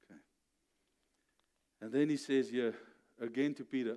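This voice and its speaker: A man preaching a sermon as pastor, telling the story with animated, acted-out voices, often checking in with "okay?" and building to emphatic peaks. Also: medium pitch, moderate pace.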